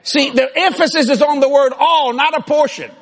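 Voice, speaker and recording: A man preaching a sermon, shouting and boasting with animated laughs. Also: extremely high pitch, moderate pace.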